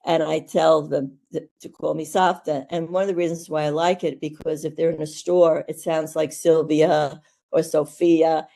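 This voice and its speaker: A woman's voice: deep voice, little pitch movement, normal speed, creaky, mellow. Blunt, outspoken older woman. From United States. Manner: blunt and outspoken, rambling with fillers. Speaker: guest, oncology nurse. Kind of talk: candid conversational storytelling.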